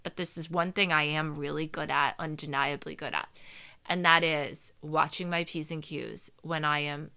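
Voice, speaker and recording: A woman's voice: low voice, fairly even intonation, normal speed, gravelly, sharp tone, smooth. A woman in her thirties giving frank, casual advice in a monologue, swearing freely, mimicking people mockingly and laughing at herself.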